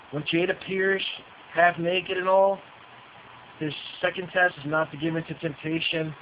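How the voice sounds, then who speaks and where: A man giving a casual, profane ranting review, repeating himself and restarting sentences. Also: fairly high pitch. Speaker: movie reviewer. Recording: dull lo-fi with faint hiss.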